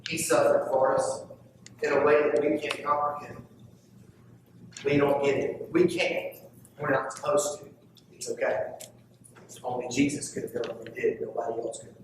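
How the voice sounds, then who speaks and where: Male pastor mid-sermon, emphatic then hushed; far-off mic, big church echo. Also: fairly high pitch, flat delivery, moderate pace, long pauses, slight background noise. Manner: preachy, swinging from loud to hushed. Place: church sanctuary. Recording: echoey church heard from far off.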